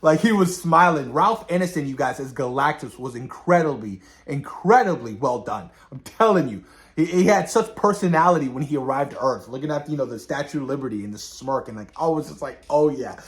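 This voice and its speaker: Excitable man gushing over a film. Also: fairly high pitch, brisk. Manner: excitable, swears freely, rambling with fillers. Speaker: film reviewer. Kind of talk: casual spoiler review chat.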